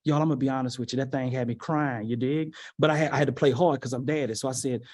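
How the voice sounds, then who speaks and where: A man telling a personal story as a motivational speaker in a virtual keynote, animated and calling out to his audience. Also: medium pitch, fast talker. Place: virtual event from home.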